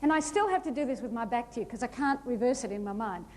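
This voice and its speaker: A woman giving a humorous keynote talk on stage, animated and playful, acting out little scenes. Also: fairly high pitch, quick pace. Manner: lively, animated, playful storytelling with acted-out asides. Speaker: motivational speaker. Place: large hall before a live audience.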